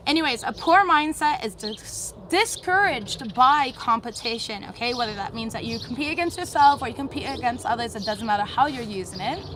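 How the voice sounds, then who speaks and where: A woman hosting a casual mindset talk, blunt and chatty, swearing freely and filling pauses with ums. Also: a little high, a bit bright, slight background noise. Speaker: host.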